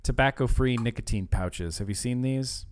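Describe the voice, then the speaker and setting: Man co-host, mid-pitched, smooth tone, loose rambling delivery full of fillers. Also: normal speed. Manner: rambling, many fillers and restarts. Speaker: podcast co-host. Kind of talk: casual chat.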